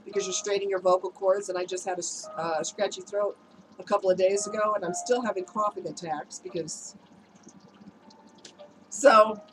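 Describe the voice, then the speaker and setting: A woman's voice: mid-range voice, background noise. A woman vlogger with a cold, telling a personal story to her viewers in a candid, emotional, chatty way. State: has a cold, voice slightly strained.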